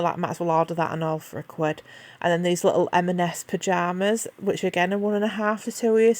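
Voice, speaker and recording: A pregnant woman, talking through her day in a chatty, rambling, frank way to her viewers. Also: lowish voice. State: pregnant, tires easily. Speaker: vlogger. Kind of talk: casual vlog chat to camera.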